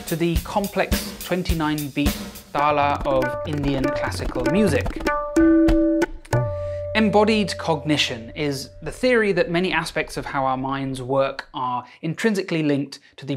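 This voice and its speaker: A man's voice: fairly high pitch, unhurried, soft background music. A man, a doctor, narrating a scripted educational video with wry, self-mocking asides.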